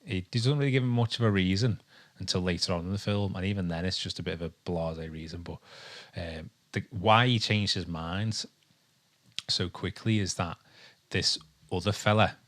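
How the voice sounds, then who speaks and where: A man's voice: sits low, steady tone, normal speed, a bit bright. A man from England co-hosting a casual podcast, rambling through his thoughts with lots of ums and restarts. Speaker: podcast co-host. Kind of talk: casual chat. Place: home with a dog nearby.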